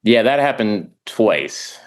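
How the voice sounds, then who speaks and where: A middle-aged man talks casually as a podcast guest in a very low voice. He rambles, trips over his words and restarts, and drops into quick little impressions as he goes. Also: big pitch swings. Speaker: guest, actor and comedian.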